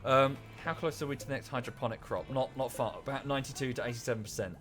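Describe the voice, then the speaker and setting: A man's voice: medium pitch, fast, a bit bright, soft background music. A man streaming a colony-building game, chatting casually and correcting himself as he talks to viewers and the characters on screen. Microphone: desk microphone.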